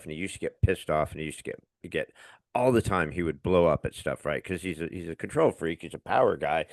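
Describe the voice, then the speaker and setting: Deep-voiced middle-aged male podcast host. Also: no echo. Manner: swears freely, tells stories with animated retellings. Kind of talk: casual interview chat.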